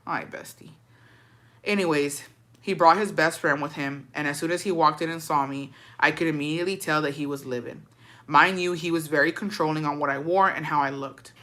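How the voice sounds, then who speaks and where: A woman's voice: deep voice, steady tone, a little fast, a bit bright. A woman host chatting casually and reading viewer stories aloud, slangy and swearing freely. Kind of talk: casual chat and story reading.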